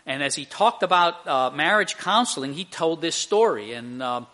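Older male pastor, sermon, bright voice, slightly high pitch, earnest. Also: lively intonation, moderate pace. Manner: earnest storytelling preacher, acts out quotes.

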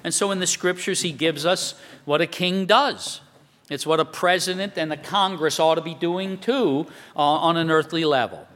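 A man's voice: on the high side, normal speed, a bit bright. A man preaching a sermon in a conversational way, quoting scripture and asking rhetorical questions. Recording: long hall reverb.

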